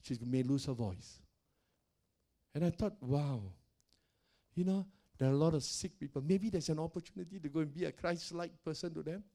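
An older man, a pastor, telling stories in a sermon in a loud, animated way, often laughing and acting out the voices of the people he quotes. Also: a little high, normal speed, creaky, long pauses. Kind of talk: sermon storytelling.

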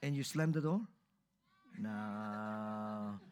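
A man's voice: on the low side, extremely slow, a little mellow. A man preaching a sermon to a live congregation in church, talking conversationally and putting questions straight to his listeners.

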